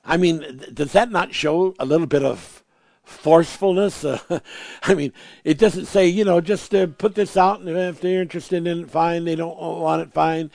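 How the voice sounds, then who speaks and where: A man preaching a sermon, emphatic, repeating words for stress, reading scripture slowly and swinging from loud proclamations to quiet asides. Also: on the high side, fairly even intonation, vocal fry, no room sound, clean studio sound.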